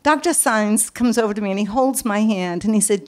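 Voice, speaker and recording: A woman from Brooklyn with a New York accent, telling a personal story on stage with dramatic pauses and repetitions. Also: mid-range voice, darkish tone.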